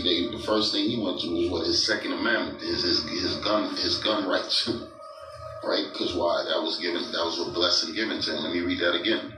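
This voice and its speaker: A man preaching from scripture, reading verses aloud and mocking his targets with chuckles and a steady "right?". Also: low voice. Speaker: street preacher. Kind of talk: scripture-reading sermon commentary. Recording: echoey room, mic far off, music behind.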